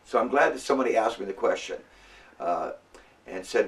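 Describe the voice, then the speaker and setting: A man teaching a class in a casual, halting way, with many fillers and restarts. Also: on the low side, expressive, distant mic. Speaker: Bible language teacher. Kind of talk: classroom lecture.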